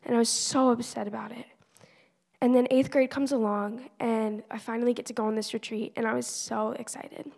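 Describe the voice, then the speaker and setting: Teen girl, slightly high voice with gravelly fry, earnest testimony, long reverb of a church hall. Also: fairly even intonation, normal speed, a little mellow. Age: teenager. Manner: earnest, conversational, many "like" fillers. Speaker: church member giving a testimony. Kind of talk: personal faith testimony.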